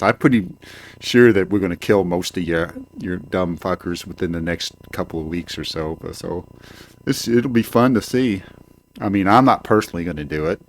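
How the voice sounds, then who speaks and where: Profane older man, low-pitched rant. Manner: profane, rambling, hesitant with many fillers. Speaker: home video show host. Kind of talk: ranting monologue. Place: home, indoors. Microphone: desk microphone.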